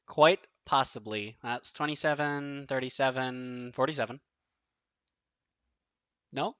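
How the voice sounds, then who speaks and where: A man streaming his own online card game tournament, thinking aloud, counting out numbers and swearing often, his voice going a bit hoarse. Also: mid-range voice, takes it slowly, bright, forceful tone, no room sound. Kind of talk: excited live commentary of own play.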